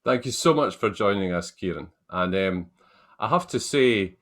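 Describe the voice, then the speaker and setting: A man hosting a panel discussion on a video call. His voice sits a little low, and he speaks in a polite, measured way, handing the floor to each guest in turn. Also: animated, fairly bright tone. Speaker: panel moderator. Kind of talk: moderating a business panel.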